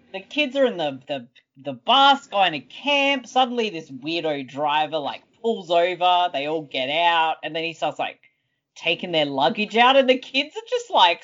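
A woman's voice: low-pitched, fairly bright tone. A woman chatting casually and animatedly, swearing freely and acting out scenes in exaggerated voices. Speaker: podcast co-host. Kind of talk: casual chat. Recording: dull lo-fi sound.

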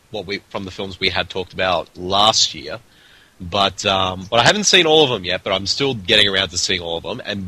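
A man's voice: fairly low pitch, bright, forceful tone, no echo, low-quality recording. A man with an Australian accent hosting a casual podcast, rambling with plenty of restarts and fillers. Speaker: podcast host.

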